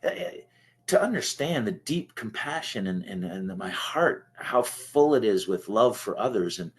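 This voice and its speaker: A man's voice: lowish voice, expressive, measured pace. A man from Canada giving an earnest, emotional personal share at a recovery meeting, restarting his sentences often. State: choked up.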